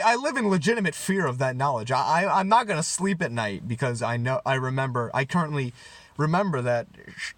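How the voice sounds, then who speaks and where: A man's voice: medium pitch, fairly bright tone, no echo. A young man giving a mock-serious comedy rant, rambling and stumbling over his words with sudden sarcastic outbursts. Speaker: comedy vlogger.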